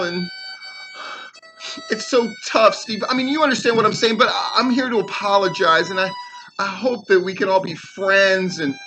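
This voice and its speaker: A man's voice: high-pitched, pushed and bright, pitched above the performer's own voice, full character voice, low-quality recording. A man mockingly voicing a whiny, self-pitying grown man who is apologizing. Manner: whining, mocking.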